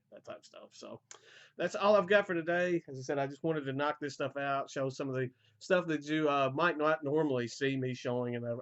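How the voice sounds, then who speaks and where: A man in a casual album collection vlog, rambling with fillers, his voice going hoarse. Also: mid-range voice, highs cut off. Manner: relaxed, rambling, frequent fillers and repeated starts. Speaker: metal collector vlogger.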